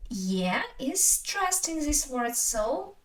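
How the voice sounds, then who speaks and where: A woman teaching pronunciation, saying each word slowly and repeating it with careful stress. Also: high voice, sing-song. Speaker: language teacher. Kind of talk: slow, careful pronunciation lesson.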